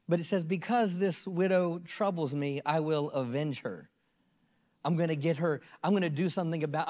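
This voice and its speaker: High-voiced preacher in an echoey hall. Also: male voice, darkish tone. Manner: earnest, repeats phrases for emphasis. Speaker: pastor. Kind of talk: sermon.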